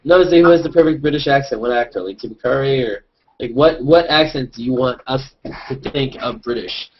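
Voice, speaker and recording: A man hosting a casual group video chat, joking and rambling with quick asides. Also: medium pitch, husky. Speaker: host and hangout organizer. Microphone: video call. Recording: dull lo-fi video call audio.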